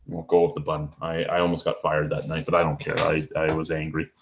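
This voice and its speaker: Brief: very low-voiced guy, casual vlogger, rambling, swears freely. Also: completely flat delivery, a little fast, creaky, few pauses. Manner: rambling, profane, lots of restarts. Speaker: beer review vlogger. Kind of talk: casual storytelling.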